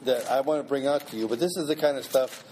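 A man's voice: mid-range voice, quick pace, background noise. A man teaching a Bible class in a conversational way, asking the class questions and repeating points for emphasis.

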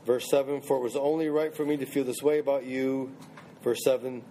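A man's voice: medium pitch, flat delivery, brisk, mellow, a little hiss or hum. A man teaching a small Bible study group in a conversational way, restarting phrases and checking in with questions.

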